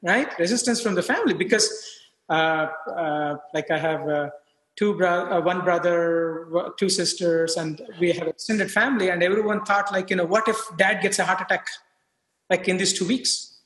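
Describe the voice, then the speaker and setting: Man in his 30s, physician guest, high bright voice, halting with fillers, roomy long reverb. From India. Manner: halting, many fillers and restarts. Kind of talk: casual interview talk. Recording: echoey room with long reverb.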